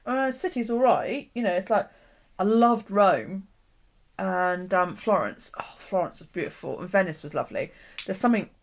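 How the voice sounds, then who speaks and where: A British woman hosting a live stream from her craft desk at home, rambling casually with viewers and swearing freely. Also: fairly low pitch. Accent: British English. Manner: chatty, swears casually, frequent ums and laughs.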